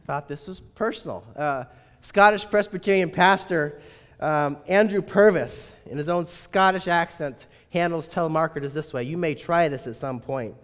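In a reverberant hall, a male pastor preaches at a moderate pace, his voice leaning toward the high side. He keeps the sermon conversational and wry, frequently asking rhetorical questions.

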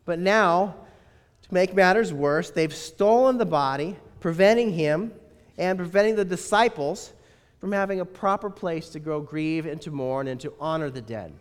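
A man's voice: high-pitched, moderate pace. A male pastor preaching a sermon in a conversational, wry manner, often asking rhetorical questions. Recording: reverberant hall.

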